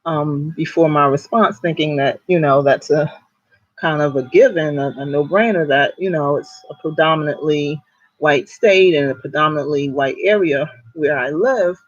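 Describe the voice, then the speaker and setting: A woman's voice: low-pitched, normal speed, no room sound. Woman from Newark, casual storyteller, chatty with frequent laughs, dry muffled recording. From Newark, New Jersey. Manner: chatty, laughing often, many ums. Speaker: author and vlogger.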